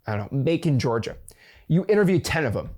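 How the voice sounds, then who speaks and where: A man talking straight to camera about business in a casual motivational style, his pitch swinging widely as he makes his points. He plays devil's advocate, leans on fillers like "right?" and restarts his sentences mid-thought. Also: sing-song, quick pace, a little mellow. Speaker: host of a real estate investing channel.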